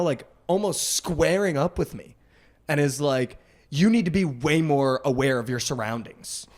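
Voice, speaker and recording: A young man telling a rambling party story on a podcast, peppering every phrase with "like". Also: on the high side. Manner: rambling, heavy use of "like", quick swings in loudness. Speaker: podcast host. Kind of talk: casual storytelling chat.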